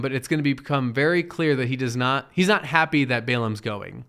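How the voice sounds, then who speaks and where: Smooth-voiced man teaching casually. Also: a little high, animated, normal speed, fairly bright tone. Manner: conversational, checks in with "right?"; acts out quoted characters in the retelling. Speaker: Bible teacher.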